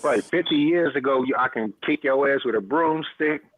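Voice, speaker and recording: A man's voice: medium pitch, normal speed, a bit bright. A man in a casual chat, joking and swearing freely. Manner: joking, profane. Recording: tinny phone line with faint hiss.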